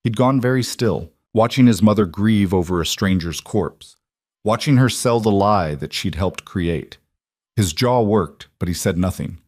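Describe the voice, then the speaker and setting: Male narrator, scripted story, calm, even, low voice, dry close sound. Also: a little slow, no echo.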